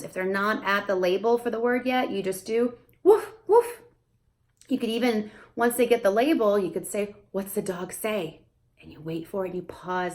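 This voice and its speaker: Speaking to the camera in a relaxed way, a young speech therapist breaks into lilting, high-pitched questions like she's addressing a toddler.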